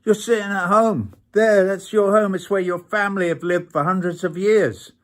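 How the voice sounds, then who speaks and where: An older man in an indignant, exasperated rant, his voice sitting a bit high for a man. He sounds thoroughly fed up. The clip is played in from elsewhere. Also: steady tone, moderate pace. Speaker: musician.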